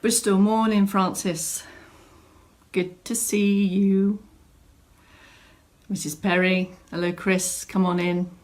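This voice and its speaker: A woman's voice: mid-range voice, little pitch movement, slow pace, long pauses, a little mellow. Woman instructor, chatty and welcoming, home studio live stream. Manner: chatty, greets viewers by name. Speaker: fitness instructor. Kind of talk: live online class welcome. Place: home room set up as studio.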